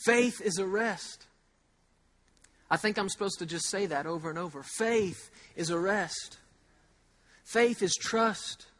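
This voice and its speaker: High-voiced man preaching a sermon. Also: fairly bright tone. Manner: repeats key phrases slowly for emphasis; conversational, with rhetorical questions. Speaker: pastor.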